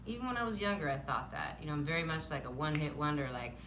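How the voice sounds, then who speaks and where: A woman in her fifties telling stories from her childhood on a live stream, animated, laughing often and acting out what people said. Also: deep voice, fast, background noise. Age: 50s. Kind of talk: casual storytelling on a live stream. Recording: roomy echo.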